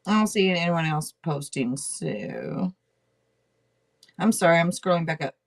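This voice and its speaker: A woman's voice: on the low side, lively intonation, measured pace, vocal fry. A woman hosting a casual livestream, chatting loosely and swearing now and then as she reads names off a list. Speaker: podcast host reading tarot for a live chat.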